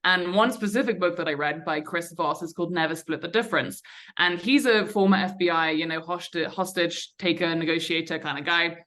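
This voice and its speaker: A woman's voice: on the low side, a little fast, fairly bright tone. A young woman on a podcast, candidly recounting a personal story in a chatty way, with lots of fillers and restarts. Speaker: podcast guest. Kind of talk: conversational storytelling.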